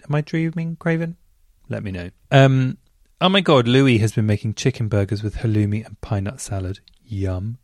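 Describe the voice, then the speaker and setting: Chatty gravelly-voiced male podcast host. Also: mid-range voice, dry recording, studio quality. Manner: chatty, gushing, enthusiastic. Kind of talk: casual chat reading listener messages.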